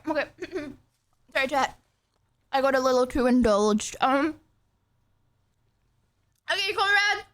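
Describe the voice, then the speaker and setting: High-voiced chatty young woman streamer. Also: fairly bright tone, no room sound. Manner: rambling, chatty, talks to chat. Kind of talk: casual live-stream chat while eating.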